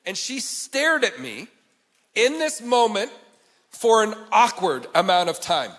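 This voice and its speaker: Male keynote speaker with a high voice, earnest and emphatic, heard in a big echoing hall. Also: sing-song, takes it slowly. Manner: earnest, swings from quiet to emphatic. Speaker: conference speaker. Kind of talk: motivational keynote storytelling. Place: large conference hall. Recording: long hall reverb.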